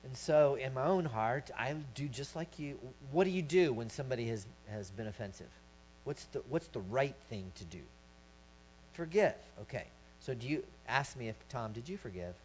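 A man's voice: mid-range voice, expressive, moderate pace. Man preaching, lo-fi hum. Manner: storytelling, swelling to shouts when acting out his story. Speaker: pastor. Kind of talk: sermon. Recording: dull lo-fi recording with mains hum.

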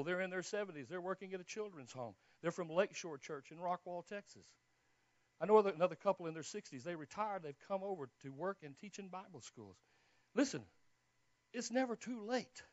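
A man preaching a sermon as he tells his own story, dropping to hushed tones and then rising to loud exclamations. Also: on the high side, no room sound. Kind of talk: sermon testimony. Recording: dull, dry lo-fi recording.

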